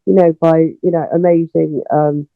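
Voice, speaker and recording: A middle-aged woman with a deep, gravelly voice talks at a moderate pace as an interview guest, casually telling stories. She's an animated storyteller who acts out the dialogue and uses plenty of fillers. The recording comes over a tinny phone line and is dry, with no room sound.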